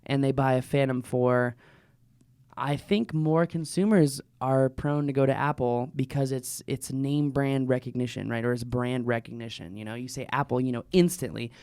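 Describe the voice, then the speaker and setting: A man's voice: mid-range voice, steady tone, normal speed, darkish tone, smooth, no echo, studio quality. A man co-hosting a casual podcast, talking with enthusiasm. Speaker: podcast co-host. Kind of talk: casual chat.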